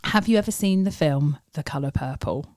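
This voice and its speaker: A woman's voice: deep voice, a little fast, dry recording, studio quality. A woman in her forties, a podcast co-host, telling stories with lots of laughs and acted-out quotes. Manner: animated storytelling, acting out quotes with laughs. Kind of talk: casual chat.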